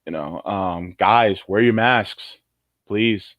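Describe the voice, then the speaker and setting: A man's voice: on the low side, slow pace, no room sound. A man co-hosting a casual livestream chat, rambling and jokey with many restarts. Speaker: co-host. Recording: muffled lo-fi audio.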